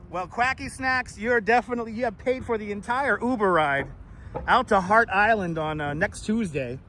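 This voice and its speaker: Male street live-streamer, high voice, loose and profane, clip-on mic outdoors. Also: sharp tone, slight background noise. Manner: loose, chatty, swears, laughs often. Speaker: live-stream host and tour guide. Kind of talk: casual live-stream chat. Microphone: wireless clip-on mic.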